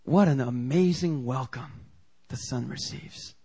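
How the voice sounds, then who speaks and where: A man's voice: mid-range voice, unhurried, warm tone, slightly rough. A man preaching a sermon in a casual, conversational way, acting out the quoted lines with big jumps in voice. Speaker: pastor.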